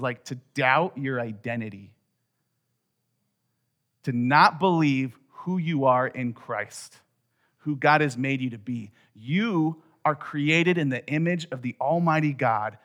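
A middle-aged man preaching a sermon as a pastor in a conversational way, dropping quiet and then rising to loud emphasis. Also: medium pitch, unhurried.

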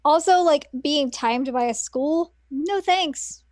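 A young woman co-hosting a relaxed podcast who chimes in with dry, quick quips. Her voice sits a little high and is recorded close and dry. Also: dry recording. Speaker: podcast co-host. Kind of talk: casual chat.

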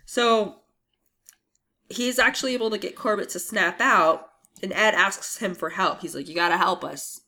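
A woman's voice: mid-range voice, normal speed, bright, forceful tone. A woman co-hosting a podcast, casually recapping a TV episode with rambling asides and laughs. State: coughing. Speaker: podcast co-host.

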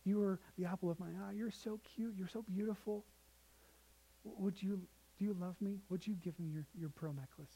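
Soft, tender, pleading dad, as a preacher puts him on. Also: male voice, sits high, a little slow, pauses often, husky, poor audio. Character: gentle loving father asking his daughter.

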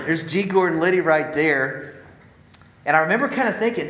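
A man's voice: fairly high pitch, animated, normal speed, long pauses, roomy sound, a crowd in the background, rough recording. A man giving an earnest, confiding talk to a group of men, telling a personal story and speaking directly to his listeners. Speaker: ministry speaker.

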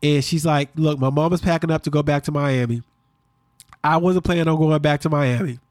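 A man co-hosting a podcast, recapping a reality show in quick, animated casual chat. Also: a little high, dry recording, studio quality. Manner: fast-talking, animated storyteller. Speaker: podcast co-host.

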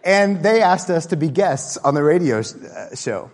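Male preacher from texas, chatty storytelling sermon, slightly high voice, long church reverb. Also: moderate pace. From Austin, Texas. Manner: animated, conversational. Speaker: minister.

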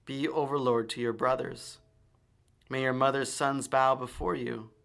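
A man's voice: medium pitch, steady tone, measured pace, gravelly, fairly bright tone. A man reading the lines of an old blind father giving a solemn blessing.

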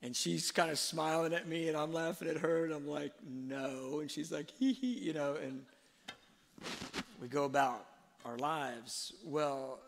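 A man giving a sermon-like talk on faith and parenting, telling stories slowly and reflectively, with fillers and restarts. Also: a little high, steady tone, vocal fry. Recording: long hall reverb.

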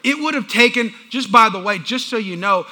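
Very high-voiced, bright male preacher. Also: moderate pace. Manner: animated, acts out family scenes; talks with the congregation. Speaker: pastor. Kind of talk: humorous storytelling sermon.

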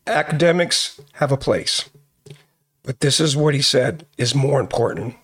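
Slow, emphatic preaching man. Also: a little high. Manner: emphatic, preacherly, repeats for stress. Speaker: pastor and podcast host. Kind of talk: sermon-like teaching.

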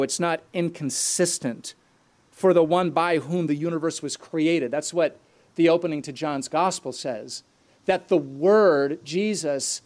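High-voiced earnest male preacher. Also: a little mellow. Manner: earnest, explanatory, with asides. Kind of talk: sermon.

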